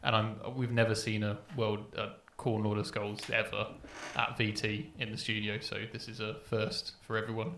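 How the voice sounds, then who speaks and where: A man commentating on a match, explaining the mission calmly with many fillers. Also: lowish voice, roomy sound, slight background noise. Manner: measured, explaining, filler-heavy. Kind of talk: casual commentary.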